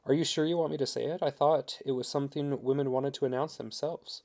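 A man voicing a devoted young husband, earnest and gently persuasive. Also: mid-range voice, steady tone, fairly quick, vocal fry, close to an everyday voice.

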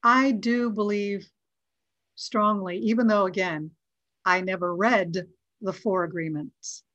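Lively middle-aged actress, dry dull sound. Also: female voice, medium pitch, slow pace, dry recording. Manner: lively, acts out quoted dialogue. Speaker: actress, interview guest. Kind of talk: casual storytelling interview.

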